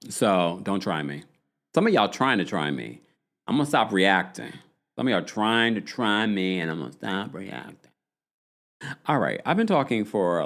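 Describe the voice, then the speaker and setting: Male podcast host, casual gossip recap, very lively pitch, playful and chatty. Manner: animated, quotes people in shifting voices, chatty slang.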